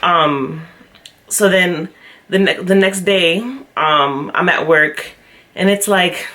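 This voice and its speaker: A young woman vlogger telling a personal story to camera, chatty and animated, often acting out what others said. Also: fairly low pitch, takes it slowly. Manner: chatty with frequent fillers. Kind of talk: storytime vlog.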